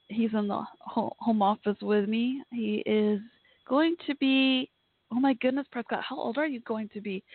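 A chatty woman hosting a call-in podcast from her home office. She thinks out loud and apologizes often. The sound is dry and thin, like a phone line. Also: a little high, dry recording. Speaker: podcast host. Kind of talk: casual call-in show chat.

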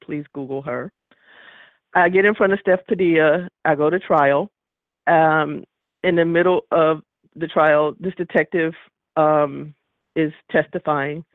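A man's voice: fairly high pitch, steady tone, unhurried, no room sound. A man calling in to a radio show, telling his story emphatically and acting out the dialogue. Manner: indignant, emphatic, acts out quoted dialogue. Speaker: caller. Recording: tinny phone line, dry.

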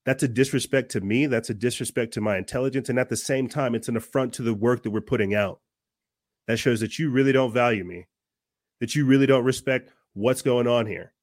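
A man's voice: mid-range voice, a little fast, dry recording, clean studio sound. A man hosting his own podcast, delivering an earnest, fiery, preachy monologue full of restarts. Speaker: podcast host. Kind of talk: impassioned monologue.

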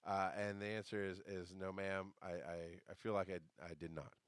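A man's voice: deep voice, fairly even intonation, moderate pace, clean tone, dry recording, clean studio sound. A man hosting a podcast in a casual, rambling monologue. He swears freely and breaks off to answer live chat comments. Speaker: podcast host.

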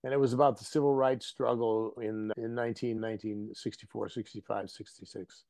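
A man from the American Midwest, an actor and guest, telling anecdotes in a casual interview in an animated way. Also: fairly low pitch, brisk, creaky, dry recording. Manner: animated, anecdotal, drops into acted voices.

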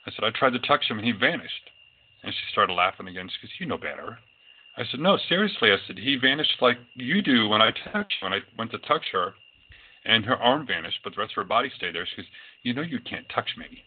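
Fairly low in pitch with lively intonation, a man talks quickly about his experiences as a psychic medium, rambling casually with plenty of fillers. The recording is tinny and phone-like, with a little hiss or hum.

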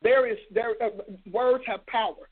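A woman's voice: on the high side, steady tone, unhurried. A woman hosting a preaching broadcast, emphatic and scolding, with rhetorical questions. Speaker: host and preacher. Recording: tinny phone-line sound.

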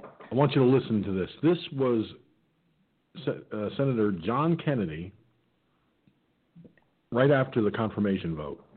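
Guy rambling on his own radio show, low husky voice, tinny phone-like sound, lots of uhs. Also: expressive. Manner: rambling, halting, many fillers and restarts. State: hungry, says he may sound like his mouth is full. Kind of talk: casual political talk radio.

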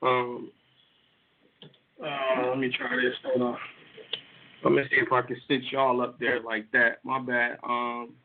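A man's voice: medium pitch, monotone, unhurried, long pauses. A man hosting a casual call-in show from home, talking loosely and directly to his listeners over a phone. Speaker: host. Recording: tinny phone-line sound.

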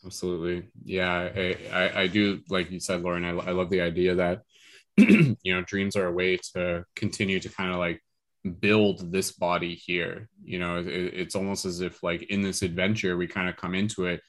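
Low-voiced man hosting a dream chat. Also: moderate pace. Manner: relaxed, rambling, many fillers. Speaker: podcast host leading a dream discussion. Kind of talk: casual group discussion.

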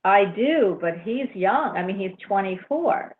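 A woman's voice: mid-range voice, animated, unhurried. Effusive woman host on a phone line. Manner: effusive, exclamatory, laughs often. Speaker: radio show host. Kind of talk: casual call-in chat. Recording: tinny phone-line sound.

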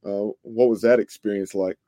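A man hosting a sports podcast, asking measured questions with frequent fillers. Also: lowish voice, steady tone, dark tone, no echo. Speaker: podcast host.

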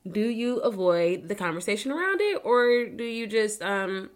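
A woman's voice: medium pitch, animated, moderate pace. A young woman hosting a casual solo podcast, talking candidly, swearing freely and laughing between serious moments. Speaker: podcast host.

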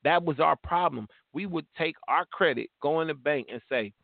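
A man's voice: a little high, expressive, moderate pace, vocal fry, dry recording. A man in his fifties talking in a casual, slangy and emphatic way, fired up as he tells his stories. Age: 50s. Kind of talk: casual podcast chat. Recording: tinny phone-line sound, dry.

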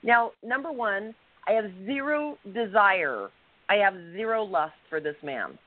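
A woman co-hosting a podcast, telling a personal story with animated, acted-out quotes. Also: medium pitch, a little slow. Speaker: podcast co-host. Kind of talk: casual storytelling. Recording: tinny phone-line sound, dry.

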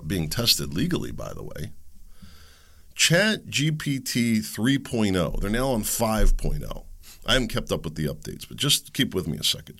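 A man's voice: fairly low pitch, bright, forceful tone. A middle-aged man hosting a podcast, talking in a casual opinion monologue with chuckling asides and emphatic bursts. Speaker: podcast host.

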